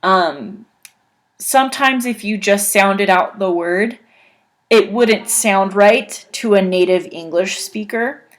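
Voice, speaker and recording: A woman's voice: mid-range voice, slow pace. A woman teaching an English grammar lesson, carefully sounding out words letter by letter and repeating examples.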